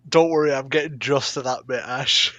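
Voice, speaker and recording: A man's voice: mid-range voice, fairly even intonation, a little slow, fairly bright tone, no echo, dull audio. A man narrating as dungeon master in a casual tabletop game, laughing often.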